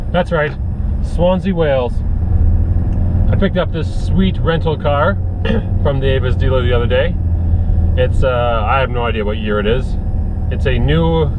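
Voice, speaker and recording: A young man chatting casually while he drives, rambling and joking with lots of fillers. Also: medium pitch. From Canada. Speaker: vlogger. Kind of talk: casual chat while driving. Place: inside a car on the road. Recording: tinny lo-fi audio with loud road noise.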